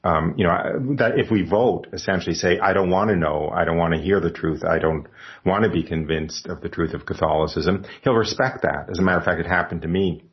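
A man hosting a religious call-in show, talking in a measured, teaching tone. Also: deep voice, dull audio. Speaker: radio host.

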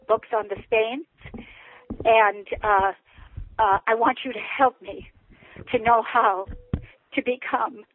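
A woman's voice: a little high, no room sound. Emotional woman telling her story over the phone. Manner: emotional, breathless storytelling with restarts. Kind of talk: personal testimony on a call-in show. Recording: tinny phone line, dry.

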